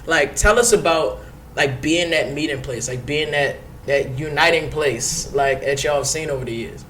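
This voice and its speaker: A man's voice: a little high, normal speed, a little hiss or hum. A young man hosting a casual podcast interview, talking loosely with lots of fillers. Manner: relaxed, lots of "like", hypes guests. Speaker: podcast host.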